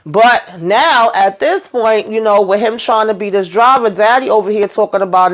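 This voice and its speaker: A woman's voice: mid-range voice, moderate pace, hardly any pauses. A woman vlogger giving a casual, sassy episode recap, chatty and swearing freely.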